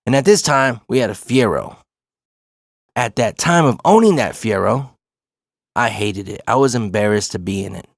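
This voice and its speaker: Gravelly man telling a story. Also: on the low side, moderate pace, no echo, studio quality. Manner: profane, conversational, animated storytelling. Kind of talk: casual personal storytelling monologue.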